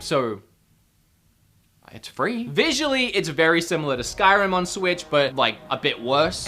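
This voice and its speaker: A man's voice: high-pitched, bright, forceful tone. A man hosting a casual gaming list video, joking with sarcastic asides and laughing at his own remarks.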